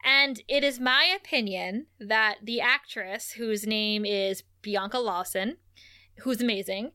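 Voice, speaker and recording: A woman's voice: mid-range voice, measured pace, bright, forceful tone. A woman co-hosting a podcast, recapping episodes in casual chat and laughing often. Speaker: podcast co-host.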